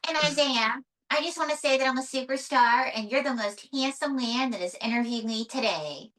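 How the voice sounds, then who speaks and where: A woman's voice: sits high, normal speed, a bit bright, far from the mic, pitched above the performer's own voice, low-quality recording. A woman voicing a flirtatious, bold female puppet showgirl with a brassy, self-important manner. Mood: flirty. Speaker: ventriloquist's puppet.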